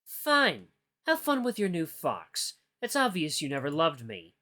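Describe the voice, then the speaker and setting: A man's voice: huge pitch swings, unhurried, sharp tone, heavily acted. A man voicing a bitter, possessive male ex-partner in a visual novel, whining and accusing in a raised voice. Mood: spiteful, furious. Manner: whiny, accusing, raised pitch.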